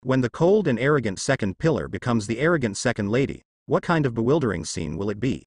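A man reads translated fan fiction aloud, steady and unhurried. His pitch rises and falls a lot, which keeps the story moving. The recording is dry, close and free of room sound. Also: dry recording. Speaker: narrator.

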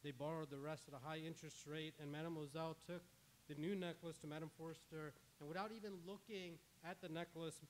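A male pastor with a somewhat high voice preaches in church. He spins a story dramatically and voices the characters' lines himself. A faint hiss runs under the recording. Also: steady tone, fairly quick. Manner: dramatic retelling with quoted dialogue. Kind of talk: sermon storytelling.

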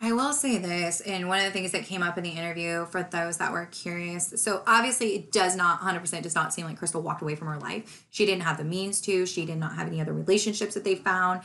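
A woman's voice: lowish voice, fast talker, hardly any pauses, a bit bright. A woman casually retelling a true crime case, acting out the quoted dialogue with lots of "like" fillers.

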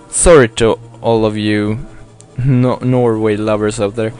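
A man's voice: on the low side, moderate pace, hardly any pauses. Rambling man narrating his gameplay. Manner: rambling, self-mocking, apologetic, swears. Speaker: let's play gamer. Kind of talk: casual game commentary. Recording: faint game music behind.

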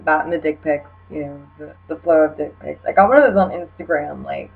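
A woman's voice: low-pitched, fairly quick, gravelly, slightly rough. A young woman, slightly tipsy, giving casual comedic commentary in a rambling, filler-heavy, wry way. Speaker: video creator. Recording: dull lo-fi recording with mains hum.

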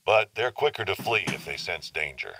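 A man's voice: sits low, big pitch swings, normal speed, creaky, background noise, heavily acted. An actor playing a male hunting guide in a video game, folksy and instructive. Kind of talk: game dialogue.

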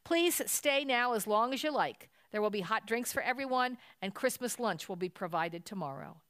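A woman voicing a grave, kindly grown-up church helper in a storybook, speaking gently and seriously. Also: fairly high pitch, animated, moderate pace, no echo.

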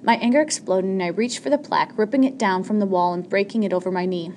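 A woman's voice: mid-range voice, fast, a little mellow, slight background noise. A woman narrating an audiobook chapter in the first person, reading steadily with a few small slips.

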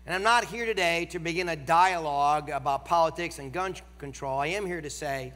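Nasal man with a Northern American accent preaching in a large church; emphatic, slows on key lines, bright edge, reverberant hall. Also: fairly high pitch. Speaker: guest preacher. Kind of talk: sermon.

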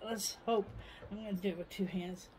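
A woman's voice: medium pitch, steady tone, moderate pace, darkish tone, a little hiss or hum, poor audio. A woman chatting casually in a home vlog while working on a countertop, rambling and laughing as she tells stories. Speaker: vlogger. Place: mobile home, indoors.

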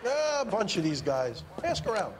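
An actor playing a blunt, weary bar owner in a video game. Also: male voice, sits high, huge pitch swings, moderate pace, slight background noise. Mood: dismissive.

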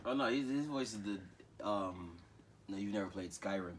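A man hosting a vlog, joking around in rowdy casual banter, playful and quick to laugh. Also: lowish voice. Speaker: vlog host. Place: indoor workshop. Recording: echoey room, mic far off, loud background noise.

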